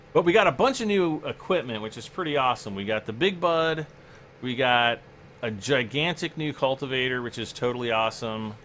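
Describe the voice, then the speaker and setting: Lively, bright-voiced male game streamer. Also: mid-range voice, a little hiss or hum. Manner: chatty, rambling, answers chat aloud. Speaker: game livestream host. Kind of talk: casual livestream commentary.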